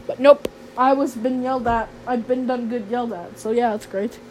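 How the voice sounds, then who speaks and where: A woman with a high, bright voice tells a casual storytime vlog. She rambles, swears freely and drips sarcasm. Faint background noise hums under her. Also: fairly even intonation, moderate pace. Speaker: vlogger.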